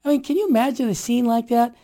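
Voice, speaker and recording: A man in his sixties telling stories in conversation, emphatic and animated, dropping to quiet asides and rising to forceful exhortations. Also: very high voice, quick pace. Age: 60s. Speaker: guest. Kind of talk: storytelling in conversation.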